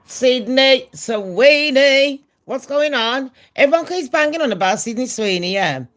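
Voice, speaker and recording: A woman's voice: fairly high pitch, big pitch swings, brisk, fairly bright tone. A middle-aged woman with a nasal voice, hosting a gossip vlog in a brash, sweary, chatty way. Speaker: gossip channel host.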